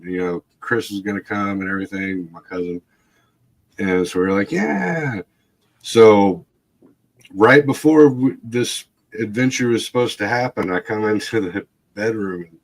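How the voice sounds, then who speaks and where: Casual male storyteller, low-pitched, loose and laughing, swears freely. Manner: rambling, laughing, swearing, acts out voices. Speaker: livestream guest.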